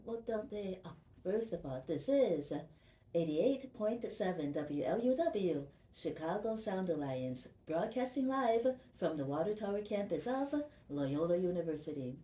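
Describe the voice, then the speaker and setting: A woman hosting a live college radio interview, asking questions in a halting way full of fillers and restarts. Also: lowish voice, lively intonation, mellow, recorded from a distance. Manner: hesitant, halting with many fillers. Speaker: radio host. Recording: roomy and off-mic.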